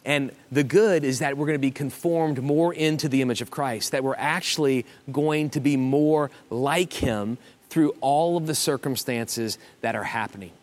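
A man preaching a sermon as pastor of his church, in an earnest way with halting restarts and emphatic repetition. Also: mid-range voice. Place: church auditorium.

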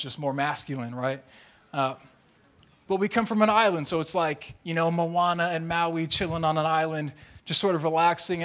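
A young man delivers a sermon in a casual, conversational way, spinning personal stories with playful mimicry and quick shifts of energy. His voice sits fairly high for a man. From Tongan and Mexican heritage. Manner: animated storytelling with lively mimicry. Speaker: pastor.

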